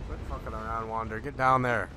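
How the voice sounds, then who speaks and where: A man chats casually with viewers and cracks jokes while playing a game on his live stream, answering the chat as he goes. His voice is medium-pitched and fairly even, with a brisk pace and a bright, forceful tone.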